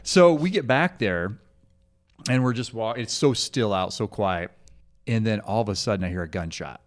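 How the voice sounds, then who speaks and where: Man, lowish voice, father, casual chat, animated, laughs easily. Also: normal speed. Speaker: parent guest.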